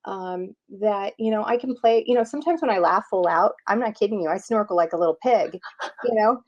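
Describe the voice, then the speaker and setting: A playful woman in her fifties hosts a relaxed spiritual chat, talking in an animated way with lots of "you know"s. Her voice sits at a middle pitch. The audio is dull and a bit lo-fi. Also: brisk. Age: 50s. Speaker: host. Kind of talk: casual spiritual talk-show chat.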